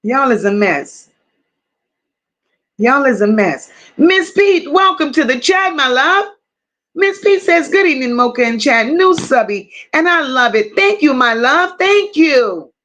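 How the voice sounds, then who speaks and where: High-voiced woman greeting live chat. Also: big pitch swings, unhurried. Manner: warm, affectionate, calls viewers baby and boo; casual, swears freely, reads chat aloud. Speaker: livestream host.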